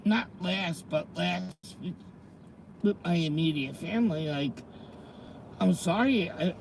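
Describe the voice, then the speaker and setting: A woman's voice: lowish voice, unhurried, creaky, a little hiss or hum, low-quality recording. A middle-aged woman, chatting emotionally to her viewers in a rambling way, close to tears. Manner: rambling, emotional, talks to commenters. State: tearful. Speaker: vlogger. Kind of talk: casual chat to viewers.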